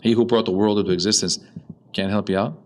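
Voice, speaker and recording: Lowish-voiced Orthodox priest telling stories. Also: male voice, fast talker, low-quality recording. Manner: conversational, animated storytelling with quoted dialogue. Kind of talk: storytelling sermon.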